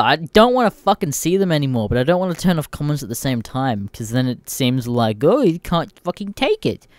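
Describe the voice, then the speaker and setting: A man's voice: medium pitch, no room sound. A man with an Australian accent hosting a podcast, telling stories in a blunt, irreverent way and swearing constantly. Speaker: podcast host. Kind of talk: casual ranting storytelling.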